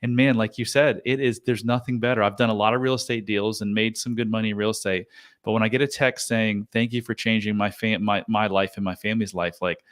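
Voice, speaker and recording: A man's voice: fairly low pitch, fairly even intonation, quick pace. Earnest man hosting a podcast. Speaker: podcast host. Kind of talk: casual podcast conversation.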